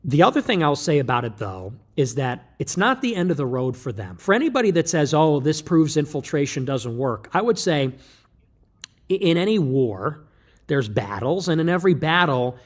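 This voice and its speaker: Rambling man with a slightly high voice. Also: very animated. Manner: rambling, self-interrupting, quick asides. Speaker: political streamer. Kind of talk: livestream monologue.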